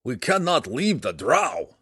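A man voicing a loyal, gruff male deep gnome warrior in an audiobook, crying out with urgent shouts. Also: big pitch swings, a little slow, no room sound, clean studio sound, full character voice.

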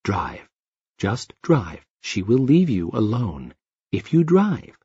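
A man voicing a strange, soft-spoken man who talks slowly and stiffly, like a robot. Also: lowish voice, huge pitch swings, husky, dry recording, lo-fi sound, full character voice. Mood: calm, commanding. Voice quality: soft-voiced. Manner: slow, stilted, robotic delivery.

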